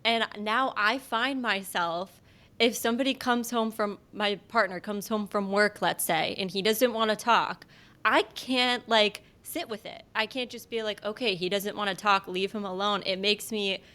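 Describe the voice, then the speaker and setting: A woman hosting a podcast, listening attentively and often giving soft affirmations. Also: mid-range voice, a little slow. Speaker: podcast host. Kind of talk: casual podcast conversation.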